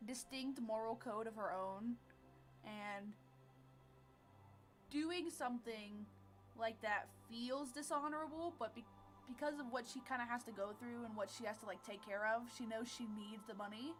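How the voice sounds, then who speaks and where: Bright-voiced young woman player. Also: a little high, normal speed, faint music behind. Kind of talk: tabletop role-play.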